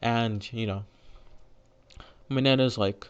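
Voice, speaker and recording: A man's voice: fairly low pitch, fairly even intonation, moderate pace, gravelly, highs cut off. A young man casually retelling a fan-made story, rambling with lots of fillers and restarts.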